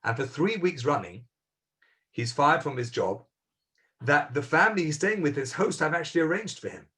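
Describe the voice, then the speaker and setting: A man's voice: on the high side, lively intonation, moderate pace, a bit bright. A man serving as rabbi, telling a story sermon-style over a video call, earnest and emphatic, repeating key words and acting out quoted dialogue.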